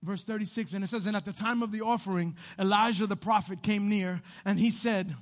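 A man pastor preaching a sermon, swinging between loud animated bursts and hushed quiet passages. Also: high-pitched, normal speed.

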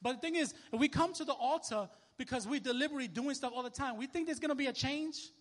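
A young man preaching a sermon as a minister, telling a story in casual, animated street talk. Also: very high voice, quick pace, in a large hall.

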